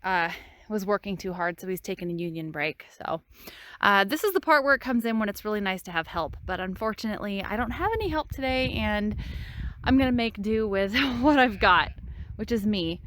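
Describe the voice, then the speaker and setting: A woman's voice: medium pitch, lively intonation, moderate pace, a bit bright, no room sound. A woman on her farm, venting frustration in a casual vlog while out of breath from hard work outdoors. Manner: exasperated, venting. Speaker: farm vlogger.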